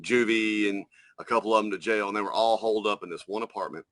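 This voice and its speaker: A man co-hosting a podcast, telling an animated story in casual chat with heavy swearing. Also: on the low side, fast, no echo. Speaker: podcast co-host.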